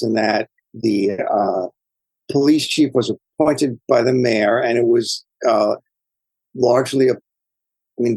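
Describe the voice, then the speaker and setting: Male author guest, deeper husky voice, digressive thoughtful storyteller, dry close sound. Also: darkish tone, no echo, rough recording. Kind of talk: interview answers.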